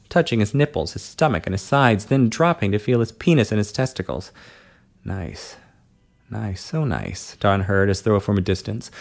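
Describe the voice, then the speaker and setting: A man with a mid-range voice narrates a story aloud. His reading is steady and measured, in an audiobook manner. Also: mid-range voice.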